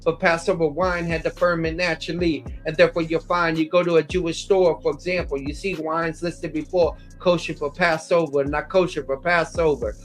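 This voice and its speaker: Over faint music, a man lectures on scripture at normal speed with few pauses, his slightly high voice delivered flatly. He explains passages as a Bible teacher, citing verse numbers and paragraphs and restarting words now and then.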